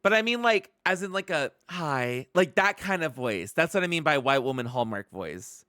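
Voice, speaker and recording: A woman streaming a video game, chatting excitedly with her viewers and laughing often. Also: deep voice, brisk, no room sound, studio quality. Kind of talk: casual live-stream commentary.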